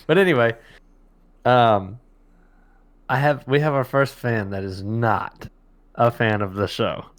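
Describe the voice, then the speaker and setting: A man in his thirties co-hosting a casual online morning show, energetic and joking, often laughing. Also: mid-range voice, slow pace. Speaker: co-host.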